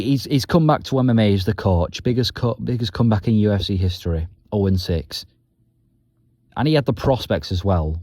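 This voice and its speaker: A man vents in a low, mellow voice, blunt and full of swearing. He rambles from point to point in a casual rant vlog. The sound is close and dry. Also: no room sound. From Britain. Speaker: vlogger.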